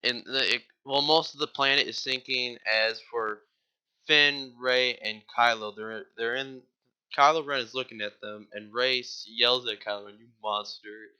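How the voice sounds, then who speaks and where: Bright-voiced rambling man recapping a movie. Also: medium pitch, steady tone, normal speed, clean tone. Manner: rambling, heavy use of "like", casual swearing. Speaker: movie reviewer. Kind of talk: casual plot recap.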